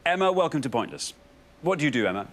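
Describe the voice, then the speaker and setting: Lively, bright-voiced quiz show host. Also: male voice, a little high, fast talker. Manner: playful, reads clues aloud. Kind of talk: television quiz hosting. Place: TV studio.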